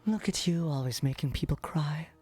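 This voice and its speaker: A man's voice: on the high side, normal speed, a little mellow, slightly rough, soft background music. A man voicing a cruel, taunting voice inside a character's head, sneering and half-whispered.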